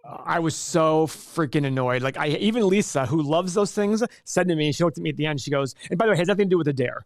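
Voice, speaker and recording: Chatty man in his forties, higher voice. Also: lively intonation, very fast, no echo, studio quality. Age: 40s. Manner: chatty, rambling, reads chat aloud. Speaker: livestream host. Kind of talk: casual livestream chat.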